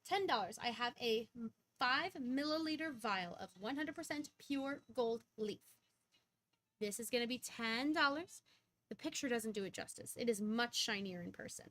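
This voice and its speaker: A young adult woman hosting a live-stream coin auction, rattling off lots in quick auctioneer patter with sudden bursts of excitement. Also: a little high.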